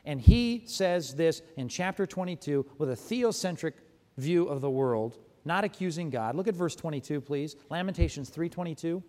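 A man preaching a sermon as a pastor, animated and emphatic, often stopping to correct himself. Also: fairly high pitch, normal speed, long reverb tail.

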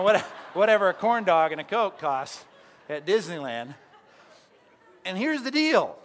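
A man's voice: high-pitched, fairly bright tone. A middle-aged man preaching a sermon as a pastor, conversational and story-driven, often putting direct questions to his listeners.

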